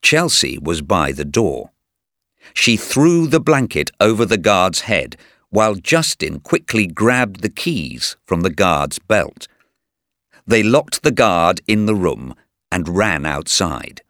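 A man narrating a simple story for language learners, slow, clear and deliberate. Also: deep voice, big pitch swings, fairly bright tone, no echo, clean studio sound. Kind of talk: slow graded reader narration.

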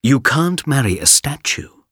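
A man's voice: mid-range voice, big pitch swings, a little slow, fairly bright tone, husky, no echo, clean studio sound, voice pushed up, heavily acted. A man voicing a brave young hero in a storybook, speaking plainly and earnestly. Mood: confident.

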